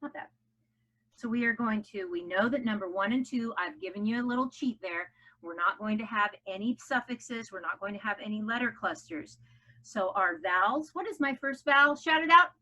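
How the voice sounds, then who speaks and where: A woman's voice: mid-range voice, animated, moderate pace, pushed and bright. Upbeat woman teaching phonics. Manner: upbeat, coaxing children to chant along. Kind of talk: phonics lesson for children. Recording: dull lo-fi home video audio.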